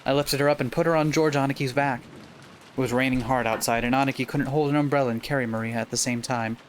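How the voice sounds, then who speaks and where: A man's voice: mid-range voice, steady tone, quick pace, a little hiss or hum. A man co-hosting a let's play of a visual novel. He reads the game's text aloud and chats casually, stumbling over words now and then. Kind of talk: casual playthrough chat, reading game text aloud.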